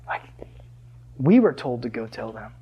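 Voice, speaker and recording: A man preaching a sermon to a live audience in church, animated and often asking the crowd questions. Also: mid-range voice, measured pace, husky, dull audio. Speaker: pastor.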